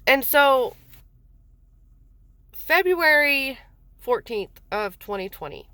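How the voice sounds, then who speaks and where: A woman with a somewhat high voice tells a personal family story in a loose, rambling way. She swears freely and talks casually as a mother. The sound is dry and close, with no room echo. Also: very animated, slow pace, pushed and bright.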